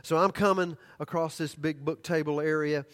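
Older preacher telling a sermon story. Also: male voice, a little high, moderate pace. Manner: animated storytelling that drops to hushed, earnest tones.

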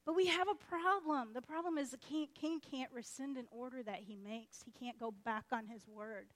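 A woman preaching a sermon as lively, chatty storytelling, acting out the characters' voices. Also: sits high, moderate pace. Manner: animated, chatty, acts out voices.

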